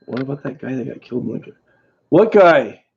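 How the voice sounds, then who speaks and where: A man hosting a livestream, telling a story in a casual, rambling way with many halting restarts. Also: medium pitch, expressive, gravelly, a little mellow, slightly rough. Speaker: livestream host. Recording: dull lo-fi stream audio.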